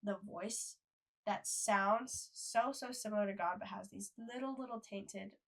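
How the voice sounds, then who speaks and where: A young woman talks through a faith podcast in a casual, friendly register, with a noticeable gravelly fry in her voice. She reads scripture passages aloud and then breaks them down in plain, everyday speech. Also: mid-range voice, measured pace, a bit bright. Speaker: podcast co-host.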